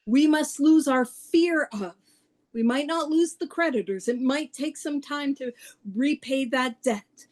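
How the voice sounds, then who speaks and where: High-voiced woman, laughing often. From Canada. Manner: laughs often, animated and self-mocking. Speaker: speaker at a twelve-step study meeting. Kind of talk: casual talk on recovery.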